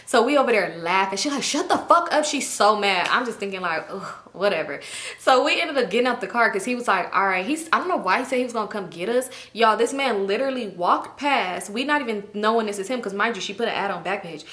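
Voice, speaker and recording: A woman vlogger telling a story in a casual, slangy, animated way. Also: medium pitch, quick pace, hardly any pauses. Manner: animated, laughing often, slangy. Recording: echoey room.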